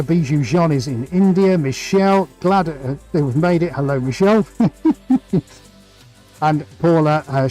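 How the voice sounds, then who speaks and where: A man's voice: fairly high pitch, mellow, rough recording. A man hosting a live painting stream, chatting enthusiastically and playfully as he greets viewers. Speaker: livestream host and painter.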